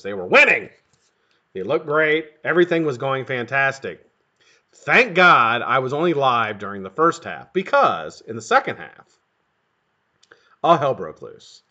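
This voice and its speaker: Animated, profane male livestream host. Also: mid-range voice. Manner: lively, profane, greets viewers one after another. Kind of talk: casual live-stream chat. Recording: dull lo-fi stream audio.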